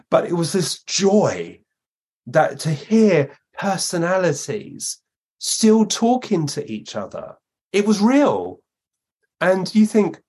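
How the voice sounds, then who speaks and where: A man, a guest medium, telling lively anecdotes in a podcast interview and acting out the voices he quotes. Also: a little high, measured pace, husky.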